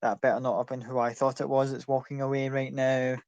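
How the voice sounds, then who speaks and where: A man's voice: medium pitch, level tone, brisk, a little mellow, no room sound, dull audio, lightly acted. A man voicing a brusque, foul-mouthed woman, an older sister who swears bluntly. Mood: irritated.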